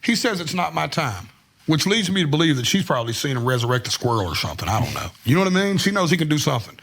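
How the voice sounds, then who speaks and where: A man with a husky, breathy voice that sits high and swings widely up and down. He talks casually and profanely, leaning into each story with plenty of energy. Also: big pitch swings, rapid-fire, fairly bright tone. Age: adult, married. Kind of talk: casual chat.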